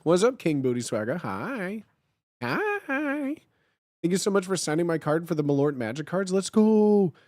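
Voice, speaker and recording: A young man with a hoarse, gravelly, blown-out voice, chatting playfully and rambling with his live-stream audience. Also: sits high, sing-song, moderate pace, a little mellow, no echo, clean studio sound. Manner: playful, greets chat over and over, rambling. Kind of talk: casual live-stream chat, reading chat aloud.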